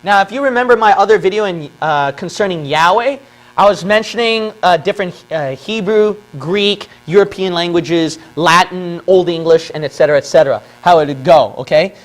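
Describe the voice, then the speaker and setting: High-voiced man arguing a point, "okay?". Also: moderate pace. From Philippines. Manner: argumentative, repeats points with "okay?". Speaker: religious video presenter. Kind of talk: lecture on a whiteboard.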